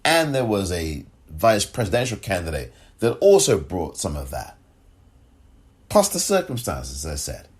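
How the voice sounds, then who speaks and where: A man giving impassioned political commentary, angry and sarcastic, often rising in pitch as he rants. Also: wildly swooping pitch, unhurried.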